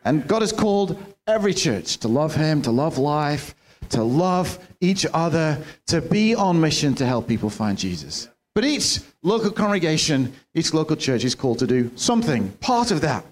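A pastor with a slightly raised pitch preaches earnestly to his congregation. He talks from the church platform and now and then restarts his phrases. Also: sing-song, moderate pace. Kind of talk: sermon.

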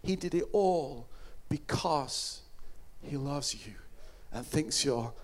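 A high-voiced man preaches an Easter sermon at a slow pace, swinging from near-whispers up to fervent, near-shouted lines. His delivery stays expressive, earnest, emotional and impassioned throughout.

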